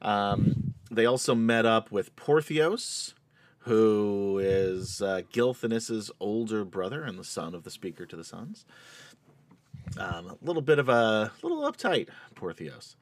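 A man serving as game master for an online tabletop game. His talk is loose and chatty, full of ums. His pitch swings up and down a lot. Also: very animated, unhurried. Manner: chatty, laughing, lots of fillers. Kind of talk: hosting and narrating a tabletop game stream.

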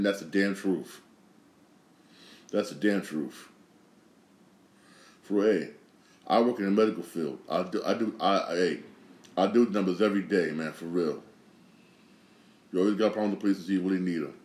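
A man's voice: sits low, a little mellow. Rambling podcast man in a roomy echo. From Connecticut. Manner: rambling, repeats himself, swears freely. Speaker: podcast host. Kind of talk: casual solo podcast monologue.

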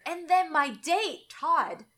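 A young woman, telling a dating story in casual chat and acting out the quotes with big jumps in pitch. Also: animated, slow pace, sharp tone.

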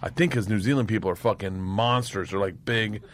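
A comedian guest telling rambling, profane travel stories on a casual podcast, breaking into loud laughter. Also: male voice, lowish voice, brisk.

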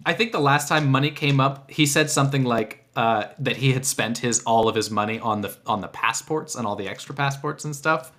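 A man's voice: medium pitch, fairly bright tone. Laid-back man running a tabletop game. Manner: casual and halting, lots of fillers and restarts. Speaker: game master.

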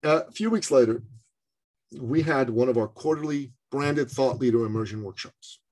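A middle-aged man from Canada telling a personal story in conversation, animated and acting out the voices of others. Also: medium pitch, normal speed. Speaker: speaker and business coach.

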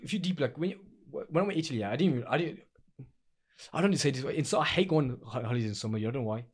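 A man's voice: mid-range voice, animated, rapid-fire. A young man, co-hosting a podcast in casual chat. He rambles, restarts often and uses a lot of slang. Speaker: podcast co-host.

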